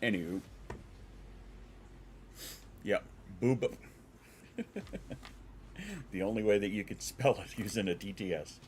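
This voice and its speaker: A man's voice: fairly low pitch, moderate pace, pauses often, darkish tone, slight background noise. A congested man streaming from home, chatting casually with his viewers and swearing now and then. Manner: rambling, swears, answers chat.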